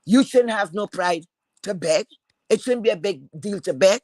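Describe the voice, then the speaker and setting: Man, high voice, confrontational streamer rant, repetitive insults, dry sound. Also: moderate pace, darkish tone, dry recording, poor audio. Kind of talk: heated profane rant.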